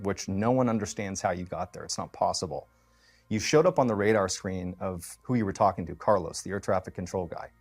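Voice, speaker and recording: A man telling a true mystery story in a loose, conversational way, full of fillers and restarts. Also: fairly low pitch. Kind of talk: casual spoken storytelling.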